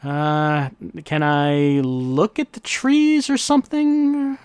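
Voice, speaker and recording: A man speaks slowly in a fairly high, clear, resonant voice, recorded without echo. As a let's-play host, he muses wryly and thinks aloud during casual gameplay commentary, with game music faint underneath.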